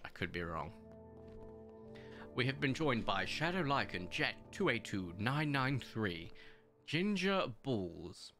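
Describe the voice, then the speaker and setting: The man hosting community games on this live stream has a fairly low voice that sounds pushed and bright. He chats casually and tells rambling anecdotes, using plenty of fillers.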